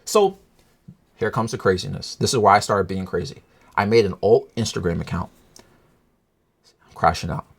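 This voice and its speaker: A man's voice: fairly low pitch, normal speed, creaky, long pauses, husky. An emotional, upset man telling a personal story to his viewers in a casual, rambling, agitated way. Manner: agitated, rambling, restarts often.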